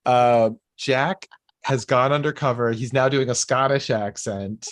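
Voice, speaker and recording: A man's voice: mid-range voice, fairly even intonation, measured pace, dry recording. A man co-hosting a casual show recap, rambling with many fillers and restarts and laughing often. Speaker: podcast co-host.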